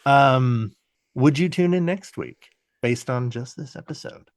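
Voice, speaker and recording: A man's voice: mid-range voice, unhurried, no echo. Podcast guy, dry close sound, rambly with lots of ums. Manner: rambling, stumbling with fillers. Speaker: podcast co-host. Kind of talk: casual chat.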